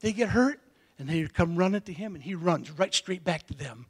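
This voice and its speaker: High-voiced preacher telling a folksy story. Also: male voice, a little fast, breathy edge. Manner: folksy, emotional, swings from quiet asides to loud calls. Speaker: pastor. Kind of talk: storytelling sermon.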